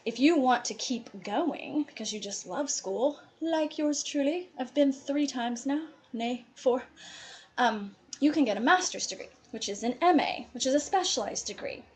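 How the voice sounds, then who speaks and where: A woman's voice: high voice, expressive, moderate pace. A woman from Appalachia with an Appalachian accent, giving chatty, encouraging advice to students in a presentation. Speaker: college advisor.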